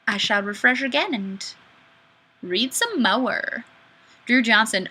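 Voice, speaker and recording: Woman webcam host, upbeat and playful, highly expressive delivery. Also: takes it slowly, slight background noise. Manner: playful, animated, often laughing. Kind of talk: casual live webcam chat.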